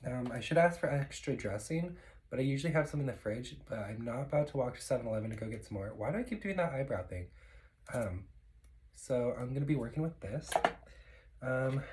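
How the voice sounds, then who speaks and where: A man's voice: mid-range voice, expressive, a little fast, darkish tone, slight background noise, rough recording. Casual male vlogger, mid-range voice, loose filler-heavy delivery, eating at home. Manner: rambling and chatty, with many fillers. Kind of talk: casual eating vlog chat.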